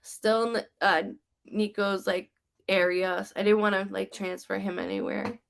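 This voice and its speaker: Chatty woman medium with a creaky voice. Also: mid-range voice, level tone, normal speed. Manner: chatty and rambling, frequent "like" and "um"; relays spirit messages to viewers. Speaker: psychic medium. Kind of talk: casual live-stream readings.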